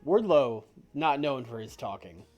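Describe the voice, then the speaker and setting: Dry, teasing man with a lively voice. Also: medium pitch, measured pace. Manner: dry, teasing, bursts of laughter. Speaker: co-host of a game stream. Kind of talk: casual chat over a wrestling sim game. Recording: faint music behind.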